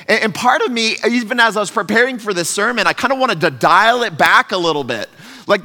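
A male pastor gives a sermon with a bright, forceful voice, pitched a little high. He talks in a casual, earnest way, moving between punchy emphasis and hushed asides. His voice rings through a hall with a long reverb. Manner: conversational, earnest, shifts between loud emphasis and soft asides.

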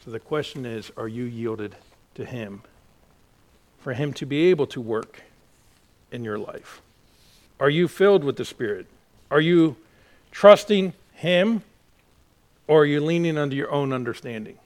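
A man preaching a sermon, swinging from hushed asides to loud, impassioned exhortation and talking directly to his congregation. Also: medium pitch, animated, a little slow, long pauses. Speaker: pastor.

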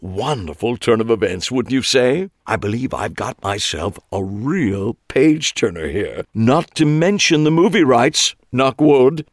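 A man voicing a flamboyant British man with a nasal accent who talks far too loudly and theatrically. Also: lively intonation, unhurried, hardly any pauses, dry recording, clean studio sound. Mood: gushing. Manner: booming, theatrical, gossipy.

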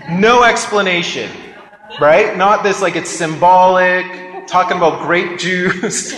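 A man's voice: high voice, moderate pace, a bit bright. A man preaching a sermon and reading scripture, talking conversationally and prodding his listeners with asides. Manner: conversational, keeps prodding listeners with "get this" and "right?". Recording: echoey reverberant hall.

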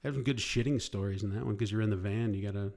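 A man's voice: fairly low pitch, rapid-fire. A man telling a rambling funny story in casual chat, laughing and acting out quotes. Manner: animated, laughing, acts out quotes. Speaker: podcast guest.

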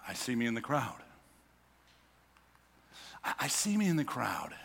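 A man preaching a sermon as pastor, impassioned, swinging between hushed and loud and asking rhetorical questions. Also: mid-range voice, wildly swooping pitch, a little slow, gravelly, pauses often, husky. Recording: reverberant hall.

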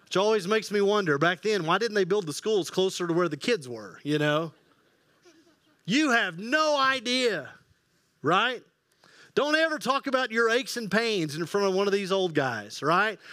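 Male pastor, bright tone, conversational sermon delivery, high voice. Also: animated, a little fast, few pauses, no echo. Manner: conversational, asks the audience questions.

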